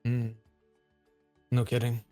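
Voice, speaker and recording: A man's voice: medium pitch, completely flat delivery, slow pace, warm tone, faint music behind. A man speaking in character at a tabletop game, drawling and musing. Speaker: player.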